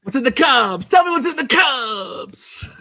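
Brief: man putting on a grieving detective, strained high shouting, loud and desperate. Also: expressive, a little slow, creaky, exaggerated voice. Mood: screaming. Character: anguished male detective screaming in grief.

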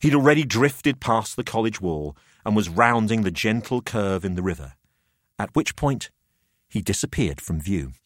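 A man narrating a macabre tale in the first person, expressive and dramatic. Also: fairly low pitch, moderate pace, no echo, studio quality. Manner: expressive, rising to frantic shouts in dialogue.

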